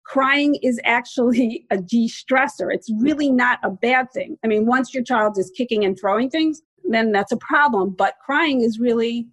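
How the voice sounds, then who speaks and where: Woman explaining parenting, higher voice. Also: moderate pace, few pauses, no echo. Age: 40s. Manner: explanatory, practical, gently reassuring. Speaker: parenting expert guest. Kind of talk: interview advice.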